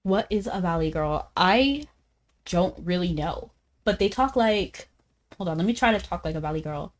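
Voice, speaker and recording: A woman game streamer chatting casually as she plays, talking fast, laughing often and saying "like" a lot. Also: medium pitch, lively intonation. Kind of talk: casual live-stream chat while gaming.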